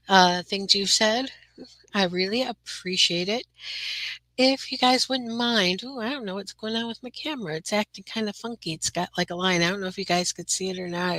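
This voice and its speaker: In this relaxed livestream from her room, the female host rambles with lots of fillers and calls out viewers by name. She has a bright, forward, mid-range voice. It's a dry, close, rough recording made through a computer microphone.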